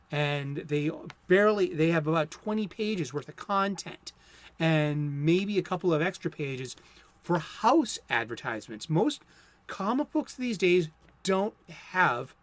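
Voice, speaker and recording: A man in his fifties talks his way through a comic book monologue with firm opinions. His voice sits a bit higher than most men's. He speaks conversationally and sometimes stumbles and restarts a phrase. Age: 50s. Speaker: comic book video host. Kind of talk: casual monologue.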